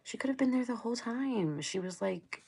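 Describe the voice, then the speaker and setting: A woman's voice: a little high, animated, moderate pace, creaky, darkish tone, slightly rough. A middle-aged woman from Ohio hosting a casual livestream, rambling and chatting back to viewers' comments. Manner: chatty, rambling, laughs often, talks back to the chat. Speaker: livestream host.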